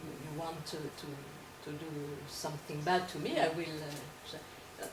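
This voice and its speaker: A woman lecturer answers questions from the floor, often pausing and repeating words as she works out her phrasing. Her voice sits low, and she is picked up from a distance. The hall echoes and carries a steady background hiss. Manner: hesitant, repeats words while searching for phrasing. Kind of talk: academic Q&A discussion. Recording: echoey room, distant mic, background noise.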